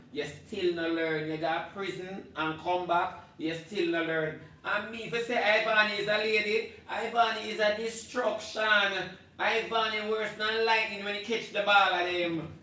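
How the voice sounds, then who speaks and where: A Jamaican man hosts a live stream with a loud rant in Patois. His voice is bright and forceful. He sits back from the mic in a very echoey room with a faint hum behind him. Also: far from the mic. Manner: loud ranting in Jamaican Patois, swinging between shouting and low muttering.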